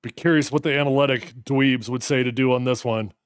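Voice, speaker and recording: A man in his thirties hosting a live watch party, reacting to a football game with animated, fired-up commentary. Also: mid-range voice, fairly quick, clean tone, no echo, clean studio sound. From United States.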